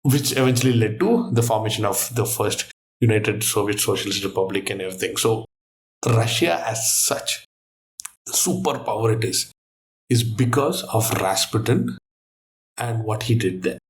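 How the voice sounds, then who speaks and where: A man guesting on a quiz show who thinks aloud and tells stories in an animated, casual way. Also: fairly low pitch, normal speed, slight background noise.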